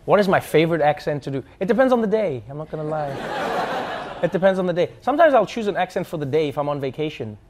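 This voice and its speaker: A man chatting casually and telling stories, animated and laughing as he talks. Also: fairly high pitch, fast, background noise. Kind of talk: casual chat.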